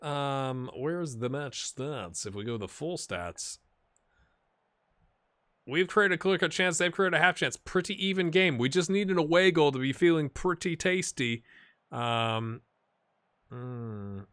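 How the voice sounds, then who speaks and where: A man narrates his football management game with a bright, forceful edge to his voice. He is excitable, dropping to quiet mutters for asides and climbing to shouts when a shot nears goal. His talk is casual let's-play commentary. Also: on the high side, a little slow, clean tone. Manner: excitable, swings from mumbling to shouting at near misses. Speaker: gaming YouTuber.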